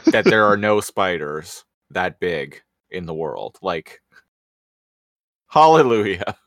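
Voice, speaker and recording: A man's voice: sits low, slow pace, bright, forceful tone, no echo, studio quality. A man co-hosting a casual chat, making wry joking asides. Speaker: podcast co-host.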